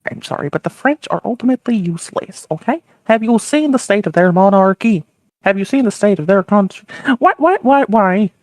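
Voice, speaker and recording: A man's voice: high-pitched, lively intonation, fairly quick, no room sound, studio quality, pitched above the performer's own voice. A man doing an exasperated Nordic nation. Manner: exasperated, scolding. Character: scornful male Nordic nation, impatient mentor.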